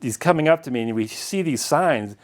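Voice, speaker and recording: A middle-aged man lectures in an easygoing, conversational way. He rambles through stories with the odd chuckle, his voice sitting at a plain, ordinary pitch. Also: lively intonation, fairly quick. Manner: chatty and anecdotal, chuckling at his own stories. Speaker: lecturer and longtime marathon runner. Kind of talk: casual illustrated lecture.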